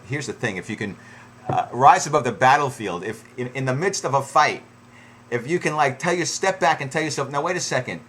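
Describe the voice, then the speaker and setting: A man's voice: mid-range voice, a bit bright, slight background noise. Rambling man giving relationship advice. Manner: conversational, many fillers and restarts, acts out quoted lines. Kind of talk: unscripted advice talk.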